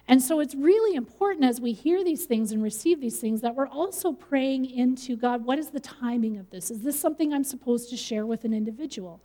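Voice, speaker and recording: Woman pastor, middle-aged, sermon, mellow higher voice, long church-hall reverb. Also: fairly quick, hardly any pauses. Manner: conversational preaching with light laughs.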